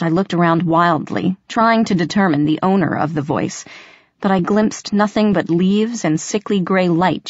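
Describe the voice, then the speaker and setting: Woman reading an audiobook, lowish voice, dry dull recording, dramatic. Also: no room sound. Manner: dramatic, expressive first-person reading. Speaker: audiobook narrator. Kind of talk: first-person audiobook narration.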